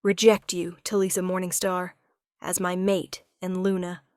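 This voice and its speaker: A man's voice: high voice, monotone, measured pace, darkish tone, clean tone, no echo, clean studio sound. A woman voicing a grieving male wolf alpha who speaks formal ritual words while breaking. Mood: anguished.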